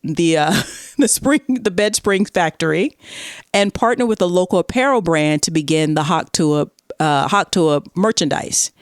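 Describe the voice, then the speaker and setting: A woman hosting a podcast, telling a story in casual chat and acting out quotes in a higher voice. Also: expressive, a little slow, no room sound, clean studio sound. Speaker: podcast host.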